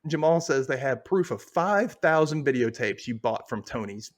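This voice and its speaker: Here a male podcaster chats through a TV episode recap at normal speed, his medium-pitched voice animated. The telling is loose and meandering, with plenty of fillers and asides.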